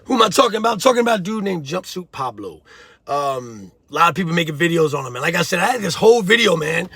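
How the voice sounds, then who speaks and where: Gravelly high-voiced man, blunt street talk. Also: sing-song, fast talker, bright, forceful tone, no echo. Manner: blunt, streetwise, preachy, addresses viewer as bro and homie. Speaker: host of a prison-life commentary channel. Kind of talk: casual commentary vlog.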